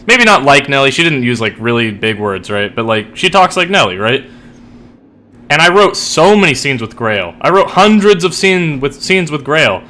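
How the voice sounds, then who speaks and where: Bright-voiced young man rambling casually. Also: medium pitch. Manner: rambling, filler-heavy, swears freely. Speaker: streamer and writer. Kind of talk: casual chat while gaming.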